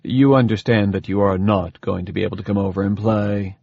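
Casting: calm, faintly mocking scientist father, husky, voiced by a male narrator, audiobook. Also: on the low side, brisk, no echo, lo-fi sound. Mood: gentle, explaining. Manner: dry, smooth, faintly mocking.

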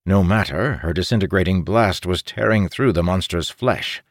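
Low steady guy reading a fantasy audiobook, dry close sound. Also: moderate pace, few pauses, dry recording. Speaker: audiobook narrator. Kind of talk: scripted fantasy narration.

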